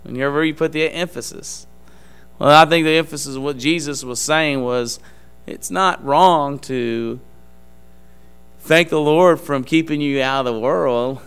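A man giving an earnest testimony in a church service, speaking in a halting, emphatic preaching style. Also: fairly high pitch, a bit bright, smooth.

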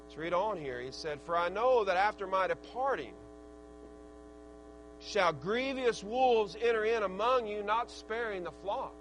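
A middle-aged man preaching a sermon in a folksy, earnest way, his loudness rising and falling. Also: sits high, measured pace, slight background noise, poor audio.

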